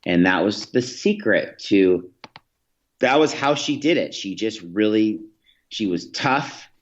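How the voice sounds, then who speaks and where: A man's voice: on the low side, lively intonation, slow pace, lo-fi sound. A man, a podcast guest, telling reflective stories in an interview, with many restarts and fillers. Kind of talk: storytelling in an interview.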